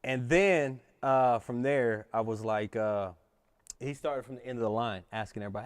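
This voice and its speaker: A man telling a story as a podcast guest, animated and swearing freely in casual chat. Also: medium pitch, moderate pace, no room sound.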